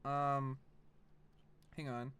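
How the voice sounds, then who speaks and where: A man's voice: medium pitch, flat delivery, drawn-out words, a bit bright, clean tone. A man streaming a game, chatting casually in a rambling, profane way. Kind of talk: casual chat while gaming.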